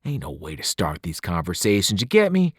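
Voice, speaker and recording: A man voicing a blunt, gruff teenage boy leader who talks in rough slang. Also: low-pitched, huge pitch swings, brisk, dry recording, studio quality, exaggerated voice. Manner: slangy, dropping words, rough.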